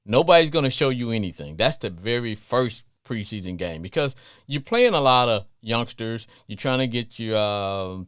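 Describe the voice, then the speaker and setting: A middle-aged man from Louisiana with a Southern accent, hosting a call-in sports talk show in an animated, sing-song way. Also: medium pitch, normal speed, clean tone, no room sound, clean studio sound. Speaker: radio talk show host.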